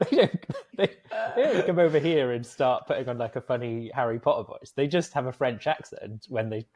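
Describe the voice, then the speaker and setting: A man's voice: medium pitch, darkish tone. A man hosting a casual podcast, chatty and rambling, laughing easily as he talks. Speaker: podcast host, agency co-founder.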